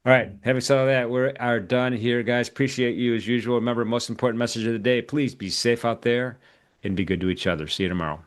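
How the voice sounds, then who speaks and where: A man's voice: medium pitch, steady tone, fast talker. A man hosting a live trading stream, chatting casually and joking with guests, with many filler words. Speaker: host of a live trading show. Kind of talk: casual livestream sign-off chat.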